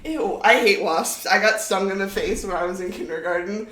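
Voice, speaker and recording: A woman streaming live and chatting casually with friends, loud and profane, often laughing and shouting. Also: medium pitch, moderate pace, echoey room, background noise.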